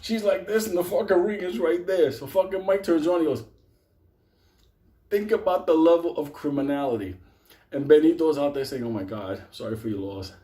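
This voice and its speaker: A man's voice: on the high side, moderate pace, warm tone. A man telling a story to a live audience, swearing constantly and laughing as he goes.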